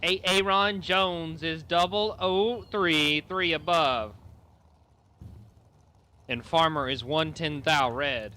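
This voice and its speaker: A man's voice: a little high, takes it slowly, sharp tone. A man calling drag races and reading out dial-ins and reaction times. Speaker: race announcer. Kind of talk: race commentary.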